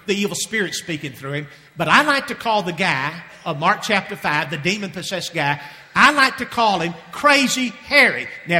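A middle-aged man preaches a sermon in a church, his voice high and bright, ringing through a hall with a long reverb. He is animated and stretches key phrases out slowly for weight. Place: church sanctuary.

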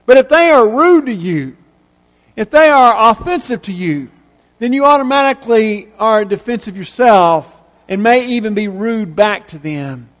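Male preacher, high voice, earnest emphatic sermon delivery with repeated phrases and quiet endings, long church-hall reverb. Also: expressive, normal speed. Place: church sanctuary.

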